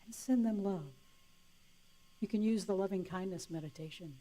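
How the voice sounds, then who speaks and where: Woman preacher, mid pitch, playful and warm, breaks into laughter. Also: normal speed, long pauses. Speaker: minister. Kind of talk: sermon.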